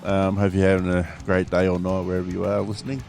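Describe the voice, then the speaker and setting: A man's voice: deep voice, completely flat delivery, fast, creaky, a little mellow, soft background music. A man co-hosting a podcast in casual chat, swearing freely and laughing often. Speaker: podcast co-host.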